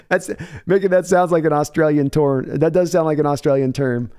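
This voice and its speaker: A man's voice: a little high, moderate pace, darkish tone, clear, resonant tone. A man hosting a live sports stream, chatting casually and answering viewers by name. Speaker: sports podcast host reading chat.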